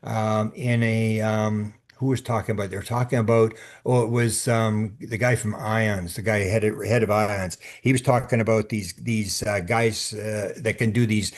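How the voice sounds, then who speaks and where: Halting, rambling man as a podcast guest. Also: fairly low pitch, fairly even intonation. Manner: halting, with frequent restarts and repeated words; acts out quoted speech in his stories. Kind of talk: casual interview storytelling.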